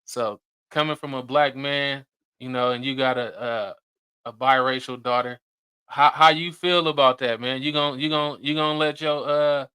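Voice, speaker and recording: Casting: male podcast host, rambling slangy delivery, bright crisp voice, close dry mic. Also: medium pitch, fairly even intonation, normal speed, no echo. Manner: loose, rambling, many fillers and restarts, slangy. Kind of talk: casual podcast commentary.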